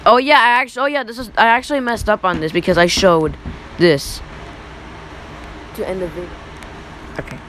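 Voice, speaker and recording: A young male YouTuber in his teens giving rambling, excitable reaction commentary over old photos. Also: high voice, normal speed, long pauses, slight background noise, low-quality recording. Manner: rambling, excitable, repeats "look".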